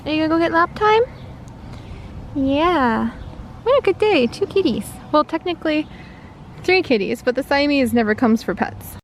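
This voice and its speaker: Brief: upbeat woman vlogger, slightly high voice, chatty and gushing. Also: animated, normal speed, slight background noise. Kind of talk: casual vlog chat to camera. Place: outdoors at home, then indoors.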